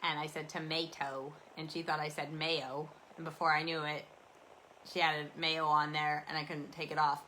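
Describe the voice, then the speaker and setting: A woman's voice: sits low, little pitch movement, normal speed, bright, forceful tone, slight background noise, rough recording. A Canadian woman hosting a casual rambling chat, talking in a meandering, chatty, self-deprecating way. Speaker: host.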